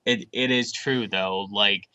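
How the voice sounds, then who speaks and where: A man co-hosting a gaming podcast, blunt and animated in casual chat. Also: lowish voice, takes it slowly, clear, resonant tone, poor audio. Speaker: podcast co-host.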